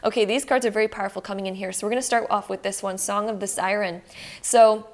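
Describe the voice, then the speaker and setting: A woman's voice: mid-range voice, fairly even intonation, quick pace. A young adult woman from Canada with a Canadian accent, giving a rambling, reassuring tarot card reading to her viewers. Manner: rambling, reassuring, many fillers. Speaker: tarot reader. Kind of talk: casual tarot reading to camera.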